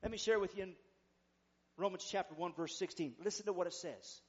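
Male pastor, high voice, fervent call-and-response preaching, slightly dull lo-fi recording. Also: a little fast. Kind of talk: sermon.

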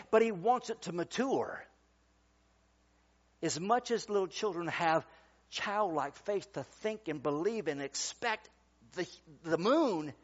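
A man with a high-pitched voice delivers a sermon, swinging between loud emphatic bursts and quiet, low passages. He calls on the congregation for amens. The recording is dull and lo-fi. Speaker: pastor.

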